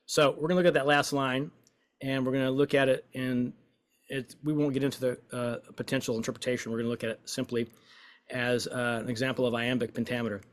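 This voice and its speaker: A man's voice: mid-range voice, level tone, fairly quick. A man leading a voice and poetry exercise, encouraging and playful, stretching out lines as he recites. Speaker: workshop leader.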